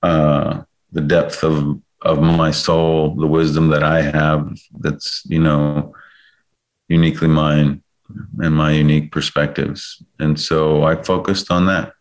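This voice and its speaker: A man in his thirties, appearing as a guest, tells a personal story with candor, swearing freely and correcting himself in a rambling way. His voice is a low rumble, level in tone and slow.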